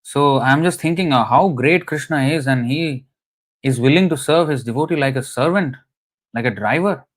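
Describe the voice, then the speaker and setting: A man doing a humble illiterate brahmin, devoted, tearful, earnest and simple in his speech, at an ordinary mid pitch, told as a story within a scripture talk. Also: normal speed, close to an everyday voice.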